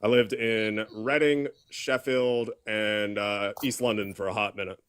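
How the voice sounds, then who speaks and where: A man's voice: fairly low pitch, steady tone, a little slow, fairly bright tone, clean tone. Blunt, combative man in a debate. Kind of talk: heated online debate.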